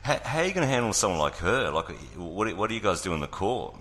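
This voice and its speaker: Casting: low-voiced joking man, lively delivery, reverberant recording. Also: fast talker. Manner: joking, animated storyteller. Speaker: podcast co-host. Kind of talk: casual podcast chat. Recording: long reverb on the voice.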